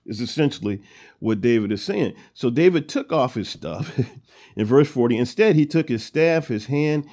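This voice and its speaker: A man's voice: mid-range voice, expressive, normal speed, a little mellow. A man hosting a Bible study, reading verses aloud and retelling them in a loose, conversational way with many fillers. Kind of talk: casual Bible teaching, reading and retelling scripture.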